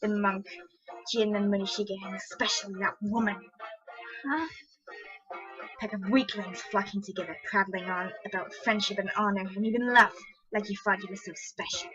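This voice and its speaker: A woman's voice: mid-range voice, steady tone, normal speed, lightly acted. A woman voicing a cruel, bloodthirsty male swordsman in an amateur dramatic reading, sneering and contemptuous. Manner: sneering, contemptuous, stumbles over words. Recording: dull lo-fi with faint music.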